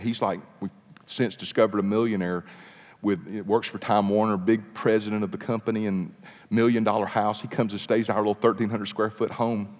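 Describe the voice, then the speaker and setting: A man preaching, telling a story with animated, dramatic pacing in a sermon. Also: fairly low pitch. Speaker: pastor. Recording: long reverb of a large hall.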